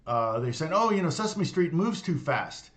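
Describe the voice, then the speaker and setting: Man, middle-aged, guitar teacher, casual rambling chat, slightly high voice, lots of fillers. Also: very animated, moderate pace, fairly bright tone. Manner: rambling, many fillers and restarts, laughs often.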